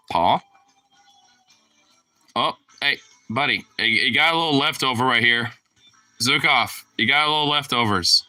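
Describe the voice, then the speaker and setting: Bright-voiced young man, slangy. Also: lively intonation, unhurried, pauses often, faint music behind, rough recording. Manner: swearing, slangy, slips into high baby talk with his dogs. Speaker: vlogger. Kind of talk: casual talk to camera and dogs.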